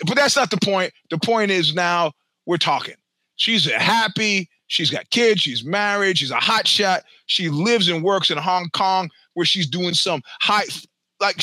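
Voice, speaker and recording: A man's voice: sits high, pushed and bright, dry recording. A man around sixty, a podcast host, telling a long personal story in a rambling, profane, self-mocking way.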